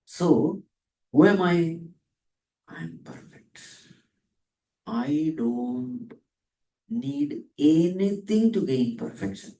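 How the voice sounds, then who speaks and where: A man gives a spiritual discourse, putting questions to his listeners and answering them himself. His fairly high voice rises and falls a lot, and it stays mellow and soft. He is recorded from a distance in an echoey room. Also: expressive, vocal fry. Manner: dwells on Sanskrit terms, drawn out slowly. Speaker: spiritual teacher. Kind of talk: Vedanta discourse.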